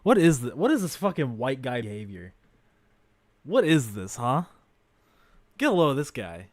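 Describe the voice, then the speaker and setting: A man hosting a livestream, reacting to a video with crude, mocking commentary that swings between loud outbursts and mutters. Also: medium pitch, sing-song, moderate pace, dry recording.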